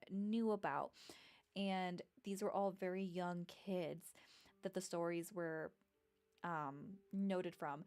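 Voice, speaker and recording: A woman in her thirties telling personal stories in a rambling, casual way, with many fillers and restarts. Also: lowish voice. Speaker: vlogger. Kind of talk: casual storytelling.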